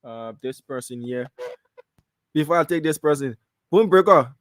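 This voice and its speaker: A man hosts a live call-in radio program, moving from caller to caller with short, brisk prompts. His voice sits a bit high, and the sound is close and dry. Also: expressive, no room sound. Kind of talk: taking calls on live radio.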